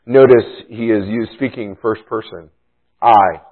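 A pastor with a lowish, slightly slow voice preaches a sermon, explaining a passage emphatically, as if teaching. The audio is tinny, like it's coming through a phone.

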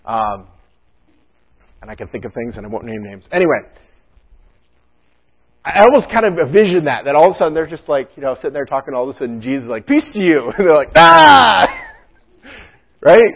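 A man's voice: mid-range voice, big pitch swings, brisk, pauses often, slightly rough. A man preaching a conversational sermon as pastor, chatty and joking in his asides. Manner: casual, chatty asides and jokes. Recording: tinny phone-like sound.

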